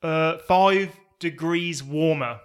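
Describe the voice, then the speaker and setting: A man, co-hosting a podcast with teasing, deadpan jokes. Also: on the high side, slow pace, clean tone. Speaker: podcast co-host. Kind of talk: casual chat.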